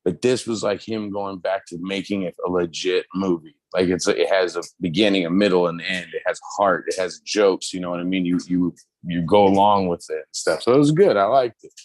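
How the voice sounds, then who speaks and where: Man, low voice, casual chat, profane, excitable, dry close sound. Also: a little fast, no echo. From United States. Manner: loose, profane, excitable storytelling. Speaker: podcast co-host.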